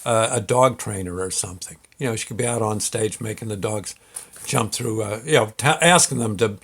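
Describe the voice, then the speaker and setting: A man's voice: fairly low pitch, moderate pace, a bit bright, slightly rough. A man hosting his own show, telling a personal story in a rambling, folksy way with many fillers and restarts. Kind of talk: casual storytelling.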